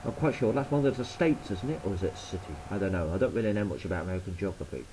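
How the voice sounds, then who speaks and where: A man's voice: sits low, expressive, very fast, noisy background. An English man with an English accent, rambling in a blunt, sweary and sarcastic vlog monologue. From England. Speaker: vlogger.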